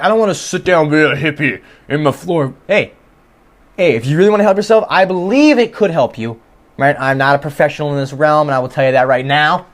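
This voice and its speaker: A young man with a medium-pitched voice records a casual solo podcast in his home bedroom. He talks through his thoughts earnestly and self-reflectively, rambling and restarting often.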